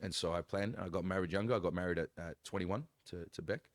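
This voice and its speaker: A man, a pastor, telling his story in casual chat, animated, acting out quoted lines with big jumps in voice. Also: low-pitched, fast talker, no echo, clean studio sound.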